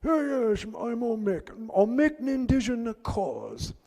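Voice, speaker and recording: A man voicing a young male beaver puppet with a thick English accent, talking in a high, hesitant way. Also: huge pitch swings, slow pace, creaky, a little mellow, full character voice. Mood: chatty.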